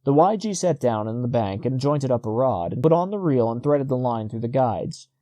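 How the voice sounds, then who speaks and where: A male audiobook narrator reading a short story at a steady, measured pace. His voice sits in a middle pitch with a warm, mellow tone. The recording is close and dry. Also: no echo. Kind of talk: scripted narration.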